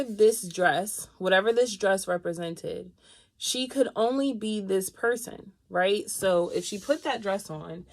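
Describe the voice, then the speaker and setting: A woman giving a live tarot reading, chatty and expressive, speaking straight to her viewers. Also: mid-range voice. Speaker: tarot reader.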